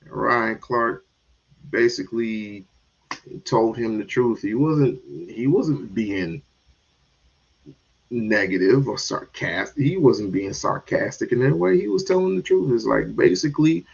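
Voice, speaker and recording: A man's voice: mid-range voice, measured pace, vocal fry, slightly rough. A man hosting a show, ranting about sports and culture in a sarcastic, mocking way. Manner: animated, sarcastic, mocking asides. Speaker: podcast host. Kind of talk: opinionated sports commentary rant. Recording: dull lo-fi stream audio.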